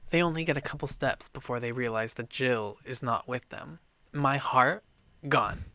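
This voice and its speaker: A man co-hosting a casual book podcast, retelling the plot in an animated, profane way and acting out the lines. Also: mid-range voice, moderate pace, dry recording. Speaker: podcast co-host.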